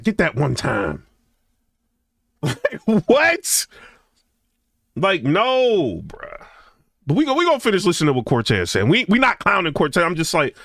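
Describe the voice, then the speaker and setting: Here a middle-aged man gives chatty, lively reaction commentary, peppering it with "you know what I'm saying." His voice is high, sharp and bright, with big pitch swings, captured in a dry, close recording with no echo.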